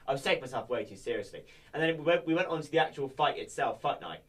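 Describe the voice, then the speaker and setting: Animated young man in a podcast chat. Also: mid-range voice, quick pace, few pauses. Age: young adult. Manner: animated, jokey, amps up his energy. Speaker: podcast guest.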